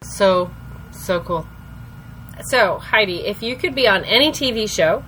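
A woman's voice: medium pitch, animated, unhurried, pushed and bright, slight background noise, low-quality recording. A woman co-hosting a podcast, cheerfully reading out interview questions. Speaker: podcast co-host.

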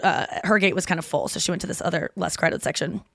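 A woman's voice: fairly low pitch, fast, creaky, fairly bright tone, no room sound, clean studio sound. A woman in her thirties hosting a podcast, chatting casually and retelling stories with quoted voices. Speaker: podcast host and comedian.

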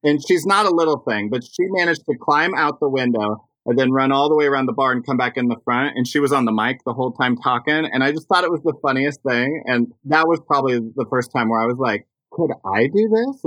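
Chatty man with a bright, dry voice. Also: medium pitch, brisk, no echo. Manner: animated storytelling, chatty with fillers. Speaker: drag performer, guest. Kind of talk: casual interview chat.

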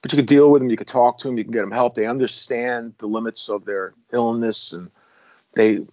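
A middle-aged man, once a police officer, tells his stories in a loose, rambling way, often restarting mid-sentence. His voice sits at an ordinary, middle pitch for a man. The recording is close and dry, with no room echo. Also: fairly even intonation, fairly quick, dark tone. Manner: rambling, with restarts and self-corrections. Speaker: guest, former police officer. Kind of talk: casual storytelling conversation.

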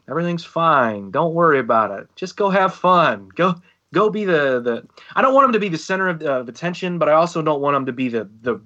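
On the casual podcast he co-hosts, a band singer in his thirties spins stories, lively in voicing what others said. The audio is dull, and his pitch is medium.

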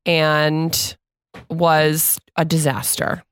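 A woman's voice: sits low, very slow, smooth, no room sound. A woman guest co-hosting a podcast, chatting casually and teasing her friend, on a close mic. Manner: teasing and animated. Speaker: guest co-host. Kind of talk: casual chat.

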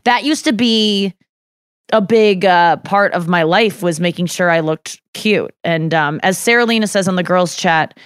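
A woman's voice: on the low side, a little slow, smooth, no echo, clean studio sound. A woman co-hosting a podcast in casual chat, telling stories with lots of swearing and little acted-out quotes. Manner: chatty storyteller with frequent swearing and acted-out quotes. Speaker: podcast co-host.

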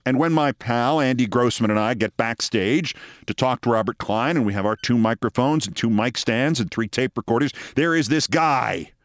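A man in his sixties, a host telling a long story in a wry, deliberate way. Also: medium pitch, no echo, studio quality. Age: 60s. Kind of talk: storytelling monologue.

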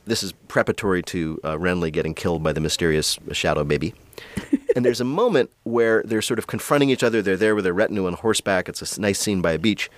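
A man's voice: low-pitched, fast talker, no room sound. A man co-hosting a casual podcast chat, talking animatedly and laughing often. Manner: animated, laughing, mimics others. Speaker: podcast co-host.

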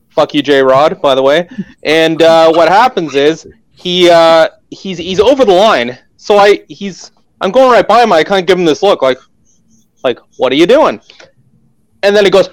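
A man's voice: fairly high pitch, no room sound. A man from Canada, a guest telling a heated, profane story in casual chat.

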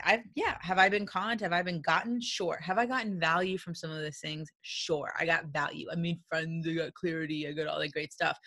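Woman, business coach, casual motivational talk, animated, acts out dialogue, blunt, laughs often. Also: on the low side. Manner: candid and blunt, with mild swearing.

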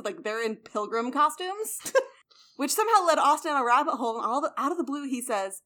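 Higher-voiced woman telling a chatty story. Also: a bit bright. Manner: chatty storyteller with wry asides. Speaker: podcast co-host. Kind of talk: casual chat.

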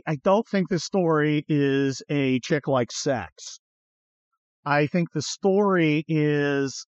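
A man's voice: a little high, dry recording, lo-fi sound. Rambling, blunt male podcast host. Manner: rambling, many fillers, blunt and profane. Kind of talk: casual political chat.

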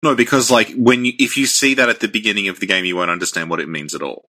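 A man co-hosting a casual game lore podcast, dry and deadpan. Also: fairly low pitch, fast. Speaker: podcast co-host.

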